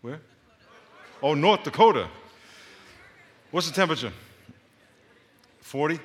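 A man's voice: on the high side, animated, a little slow. A middle-aged man from Long Island, a pastor greeting his congregation and joking with the crowd. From Long Island, New York. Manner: joking, teasing banter with the crowd. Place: large church auditorium. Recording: reverberant large hall.

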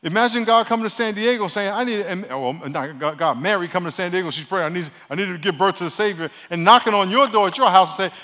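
Male preacher, New York accent, quick delivery, slightly raised pitch, big reverberant sanctuary sound. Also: lively intonation, sharp tone. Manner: fast-talking, call-and-response with congregation. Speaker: pastor. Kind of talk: sermon. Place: church sanctuary. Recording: long church hall reverb.

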